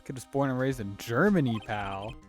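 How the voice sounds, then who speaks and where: A man voicing a gruff, loyal police detective who calls everyone pal, with game music underneath. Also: mid-range voice, animated, normal speed, lightly acted. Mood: blunt.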